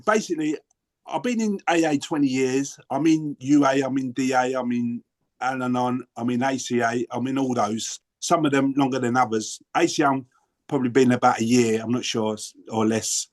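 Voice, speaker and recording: A man's voice: medium pitch, steady tone, moderate pace. A man in his sixties with a London accent, sharing his story in a twelve-step workshop in a rambling, earnest way with many restarts. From England. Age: 60s. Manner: rambling, self-interrupting, earnest. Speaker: workshop participant. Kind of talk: casual sharing on a video call.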